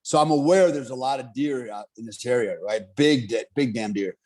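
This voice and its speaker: A middle-aged man telling a story in casual chat, animated, swearing and laughing often. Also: medium pitch, fairly quick.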